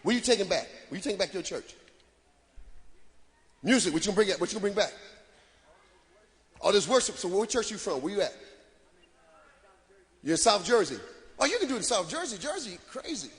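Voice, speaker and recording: A man performing live stand-up comedy, loud and animated, shouting punchlines to the crowd from a stage. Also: high voice, brisk, pauses often. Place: stage before a live audience.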